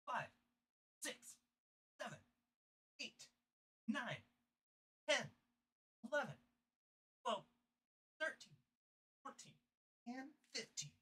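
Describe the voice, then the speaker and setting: A man streaming a video game and talking straight to his chat, playful and hyped up. His voice is bright and forceful, and his pitch swings widely as he jokes and reacts. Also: vocal fry, husky. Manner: playful, hyped, chatty with viewers. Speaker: streamer and channel host. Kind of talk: casual gameplay livestream commentary.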